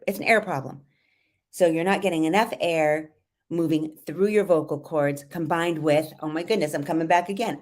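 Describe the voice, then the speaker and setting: A middle-aged woman coach with a trained, low-pitched voice. She talks lively and demonstrative, acting out sounds to teach. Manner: lively, demonstrative, exaggerates vocal fry and sung phrases to teach. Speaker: voice and confidence coach. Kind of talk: live coaching tips.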